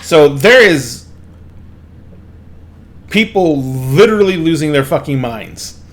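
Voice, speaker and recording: A man's voice: on the high side, lively intonation, slow. A man narrating a tabletop game as game master, in loose, rambling sentences full of fillers.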